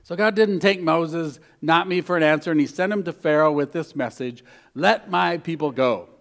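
A man preaching a sermon as a pastor, mostly soft and intimate, with lively bursts. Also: fairly high pitch, a little fast.

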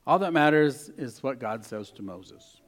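A man preaching a sermon as a pastor, mostly soft and intimate, with lively bursts. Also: medium pitch, unhurried.

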